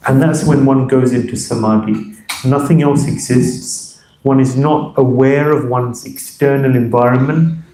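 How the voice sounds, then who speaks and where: Male speaker, mellow tone, devotional lecture in an echoey room, reverent and reflective. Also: medium pitch. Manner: reverent, reflective, recites verses. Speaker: speaker giving a talk on scripture.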